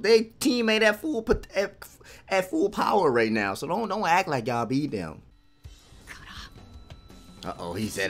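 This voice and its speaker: A man giving excitable, casual reaction commentary while watching an anime, cheering and laughing often. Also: sits high, unhurried, pauses often, faint music behind.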